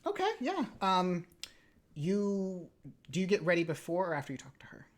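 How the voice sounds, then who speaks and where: A woman narrating as game master in a tabletop role-playing game, casual and halting. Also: fairly low pitch, sing-song. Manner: casual, halting, with many fillers and apologies.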